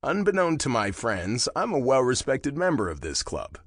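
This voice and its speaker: A man narrating a romance audiobook in the first person, with a slow, low and intimate delivery. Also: big pitch swings, no echo.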